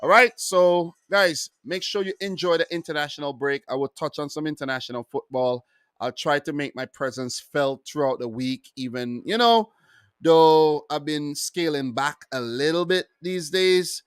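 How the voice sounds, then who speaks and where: Guy rambling about football on his channel, kinda high voice, smooth, dry close mic. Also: moderate pace, no room sound. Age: adult with wife and three kids. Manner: chatty, loose, shouting out viewers. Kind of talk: casual solo football review.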